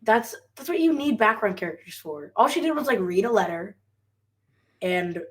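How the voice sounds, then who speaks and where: Lively, giggly young woman podcast co-host. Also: medium pitch, moderate pace. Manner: giggly, laughs often between remarks. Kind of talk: casual chat reviewing a TV episode.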